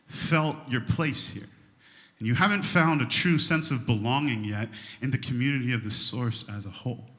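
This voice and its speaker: A man in his thirties, a youth pastor, telling a funny story in his sermon, animated and laughing, leaping into high exaggerated voices for quotes. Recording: long hall reverb.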